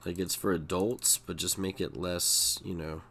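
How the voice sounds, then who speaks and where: A deep-voiced, middle-aged man streams poker and talks to his chat in a loose, rambling way. He swears freely and gets excitable, with keyboard typing heard behind him. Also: a little slow, a little hiss or hum. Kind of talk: casual live-stream chat.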